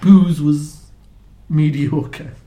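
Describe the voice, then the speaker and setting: Guy with a pretty high voice cohosting a podcast, jokey, laughs a lot, just chatting. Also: fairly even intonation, extremely slow, mellow. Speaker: podcast co-host. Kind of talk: casual chat.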